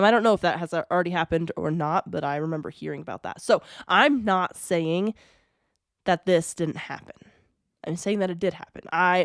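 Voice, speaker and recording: A woman's voice: fairly low pitch, clear, resonant tone, no room sound, clean studio sound. A woman in her thirties from Colorado hosting a casual podcast, stuffy from a cold, rambling with lots of fillers. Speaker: podcast host. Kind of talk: casual conspiracy podcast chat.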